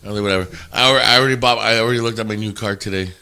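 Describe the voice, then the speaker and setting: A man's voice: lowish voice, rapid-fire, smooth. Man, podcast host, casual chat, swears a lot, stumbles into stories. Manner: swearing, animated storytelling with stammered restarts.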